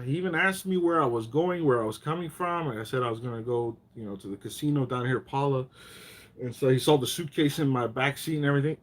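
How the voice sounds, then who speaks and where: Husky-voiced man ranting in casual chat. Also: mid-range voice. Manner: rambling storytelling with profanity, gets worked up. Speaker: gambling vlogger hosting a live chat. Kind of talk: casual live-stream chat.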